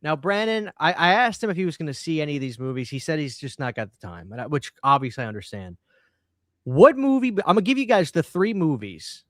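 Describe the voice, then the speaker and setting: Animated chatty man co-hosting a stream. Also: fairly high pitch, fast, no echo, studio quality. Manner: animated, chatty, talks over others. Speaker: podcast co-host. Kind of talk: casual live-stream chat.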